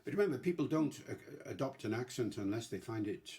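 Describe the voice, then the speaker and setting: An older man talking through ideas about language in a measured, explanatory way with fillers, in a podcast discussion. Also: mid-range voice, lively intonation, dark tone. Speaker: linguist guest.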